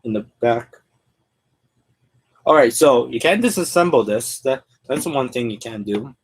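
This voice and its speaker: A man's voice: mid-range voice, lively intonation, normal speed, slightly rough. A man on a casual live stream who thinks aloud as he assembles a toy figure. He rambles and fills his talk with "like" and "and all that".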